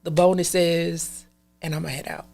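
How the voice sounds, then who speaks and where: Gravelly, low-voiced woman telling a story. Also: measured pace. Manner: emphatic, animated storyteller. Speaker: podcast guest. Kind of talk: casual conversational storytelling.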